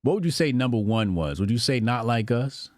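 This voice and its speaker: A man interviewing a guest, asking calm, steady questions in casual conversation. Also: medium pitch, brisk, no room sound, studio quality.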